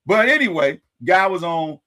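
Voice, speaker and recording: A man hosting a live-stream commentary, pitched a touch high for a male voice. He talks casually and animatedly straight to his viewers, throwing in folksy sayings and wry asides. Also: very animated, moderate pace, pushed and bright. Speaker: host.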